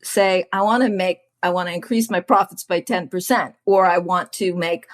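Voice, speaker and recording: A woman business coach talking as a podcast guest, chatty and animated, often laughing and acting out what other people say. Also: on the low side, normal speed. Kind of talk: casual chat.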